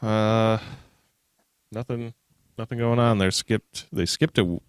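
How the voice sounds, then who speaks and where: A male podcast host with a low voice, talking eagerly in a casual chat. He keeps the show moving from topic to topic. The sound is close and dry, with no room echo. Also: steady tone, takes it slowly, clear, resonant tone.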